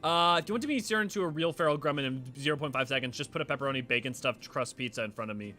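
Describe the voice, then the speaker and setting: A man's voice: medium pitch, very fast, bright, forceful tone, faint music behind. A man chatting casually on his livestream, rambling with fillers and restarts between reading game dialogue aloud.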